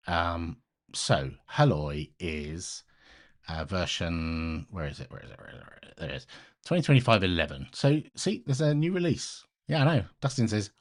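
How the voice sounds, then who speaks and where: A middle-aged British man with a low voice and a British accent rambles casually to live-stream viewers while doing open source maintenance at his computer. He chats with them and often breaks off mid-sentence.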